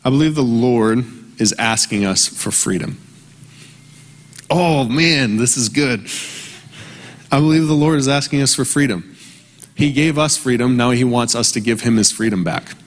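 Earnest preacher man in a reverberant hall. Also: medium pitch. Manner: conversational, earnest, slows down for emphasis. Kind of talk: sermon. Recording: long reverb from a large hall.

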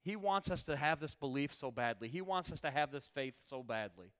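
A man's voice: mid-range voice, animated, fairly quick, fairly bright tone. A man preaching a sermon as pastor, reading scripture aloud and stressing key words with repetition. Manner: reads scripture, then preaches with rising intensity and repetition.

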